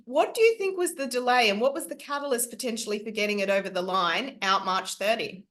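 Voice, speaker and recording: A woman's voice: on the high side, fairly quick, fairly bright tone. Chatty woman asking interview questions. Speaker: interviewer, host. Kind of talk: casual interview.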